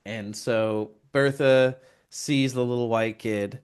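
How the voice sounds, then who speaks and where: A male podcast co-host retells a film plot in casual, profane chat, acting out the characters' lines. His mid-range voice is slow and clean.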